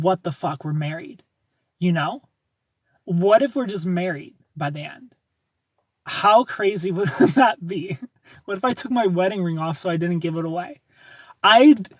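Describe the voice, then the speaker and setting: Here a young livestream host with a high-pitched, slightly rough voice goes through viewer comments in a dry recording. His talk is casual and animated, rambling along with repeated phrases and bursts of laughter.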